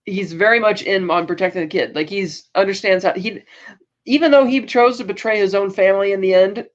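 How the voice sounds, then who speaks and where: A woman's voice: mid-range voice, brisk, lo-fi sound. A woman co-hosting a podcast, casually recapping episodes in a rambling way and acting out quotes. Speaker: podcast co-host.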